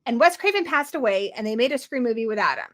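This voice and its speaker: A woman with a General American accent hosting a live reaction chat, excitable, playful and teasing. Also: a little high, quick pace. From United States. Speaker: host.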